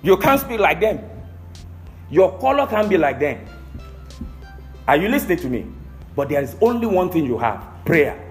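A man's voice: fairly high pitch, very animated, moderate pace, pauses often, soft background music. A male pastor preaching a sermon, emphatic, often asking the congregation if they are listening.

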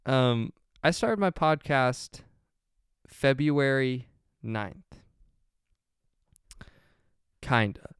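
A man's voice: mid-range voice, lively intonation, extremely slow, long pauses, a bit bright, smooth, dry recording, studio quality. Rambling young man hosting a solo podcast. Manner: rambling, self-correcting, many fillers. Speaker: podcast host.

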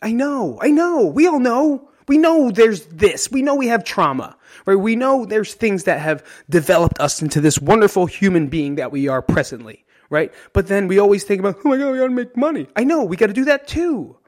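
A man's voice: sits high, big pitch swings, normal speed, few pauses. A man from New Jersey hosting a podcast in a solo monologue, candid and emotional, swearing freely and ending his points with "right?". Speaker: podcast host.

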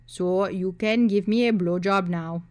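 A woman voicing a manipulative young man who talks in a flat, entitled, coaxing way. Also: sits high, normal speed, pitched above the performer's own voice.

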